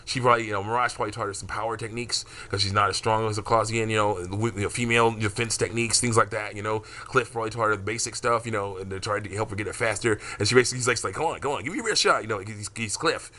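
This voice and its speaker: Male, low and bright, loose rambling monologue, laughs often. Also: little pitch movement, very fast, few pauses. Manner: rambling, many fillers, frequent laughs. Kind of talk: casual monologue about his fan story.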